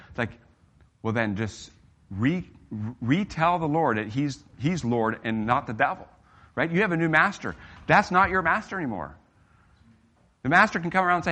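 A man's voice: on the high side, lively intonation, normal speed, pushed and bright. A middle-aged man preaching a sermon in an emphatic, earnest way, his voice rising and dropping for emphasis.

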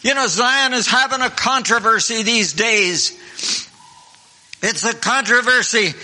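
Man, preacher, sermon, slow deliberate delivery, bright tone, long church reverb. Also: very high-pitched. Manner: fervent, repetitive preaching with frequent throat-clearing.

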